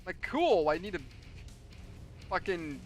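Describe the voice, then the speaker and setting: A man's voice: high-pitched, big pitch swings, slow, soft background music. A man with a New York accent chatting casually during a game stream, telling rambling stories and swearing freely. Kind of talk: casual gaming chat.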